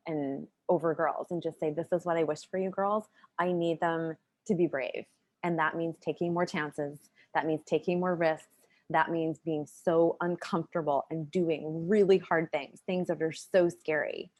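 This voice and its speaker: A woman guest educator in a video-call interview, speaking earnestly and giving advice about raising girls. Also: on the low side. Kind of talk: conversational interview.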